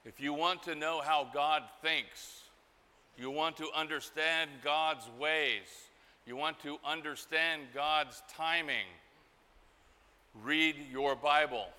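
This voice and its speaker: A middle-aged man preaching a sermon, telling a story slowly and acting out the voices in it. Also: fairly high pitch, fairly even intonation, bright, forceful tone. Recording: hall reverb.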